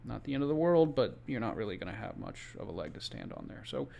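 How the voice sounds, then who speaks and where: A man's voice: lowish voice, big pitch swings, fast, gravelly, a little mellow, highs cut off, a little hiss or hum. A man who works as a home inspector, telling a story from his job in a casual, conversational way with exasperated asides. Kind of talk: casual first-person storytelling. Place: Florida.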